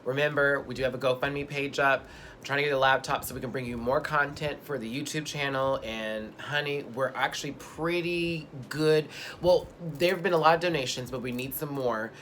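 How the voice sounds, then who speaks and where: A sassy, playful man co-hosting a casual chat show, talking at an everyday middle pitch. He reads out viewer questions and jokes between them, sometimes slipping into put-on accents. A faint hiss of room noise sits behind his voice. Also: steady tone, normal speed, fairly bright tone. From Houston. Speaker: co-host.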